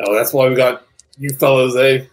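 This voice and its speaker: A man's voice: mid-range voice, flat delivery, normal speed, close to an everyday voice. A man voicing a friendly, folksy male innkeeper in a tabletop game.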